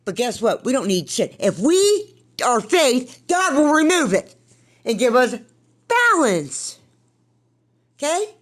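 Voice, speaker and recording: A woman's voice: high voice, big pitch swings, slow, long pauses. A woman hosting a podcast, giving an earnest spiritual self-help talk, candid and blunt with occasional swearing, speaking from her own recovery. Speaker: podcast host.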